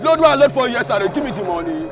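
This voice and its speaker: An actor playing a pushy, insulting young tout with a Nigerian accent. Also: male voice, very high voice, big pitch swings, very fast. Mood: demanding. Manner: bullying, insulting in Pidgin. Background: background music.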